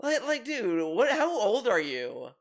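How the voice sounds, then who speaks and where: A man's voice: very high-pitched, huge pitch swings, measured pace, creaky. A man hosting a commentary video, talking casually and profanely, often repeating words and restarting his sentences.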